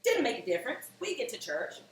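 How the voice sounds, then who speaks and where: A woman in her thirties hosting a home cooking show, telling a comic story in a chatty, animated way while she cooks. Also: fairly high pitch, fast. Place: home kitchen. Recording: echoey room, mic at a distance, faint noise.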